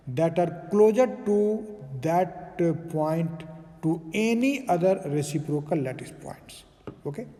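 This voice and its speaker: A man's voice: on the high side, warm tone, big-room sound. A man giving a recorded physics lecture, explaining step by step with frequent fillers and "okay".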